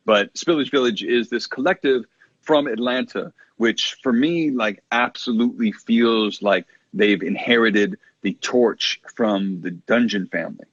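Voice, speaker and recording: A low, husky-voiced man co-hosting a radio music show, thinking aloud with lots of restarts. The sound is dry and a little dull, like a close studio mic with the top end rolled off. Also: unhurried, no echo. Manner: thoughtful, rambling with many restarts and frequent laughs. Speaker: radio co-host. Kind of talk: casual music talk.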